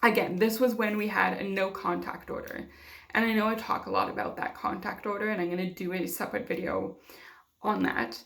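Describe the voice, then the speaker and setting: A woman's voice: medium pitch, expressive, brisk, vocal fry, fairly bright tone. A young woman vlogger telling a personal story to camera in a candid, conversational way with many fillers.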